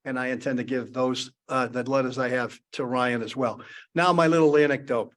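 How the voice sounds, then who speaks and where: A man's voice: mid-range voice, fairly even intonation, moderate pace, a bit bright. A man, telling a rambling anecdote as a panelist. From Boston area. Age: 70s. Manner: rambling anecdotal talk with many restarts. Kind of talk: storytelling on a panel. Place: conference panel.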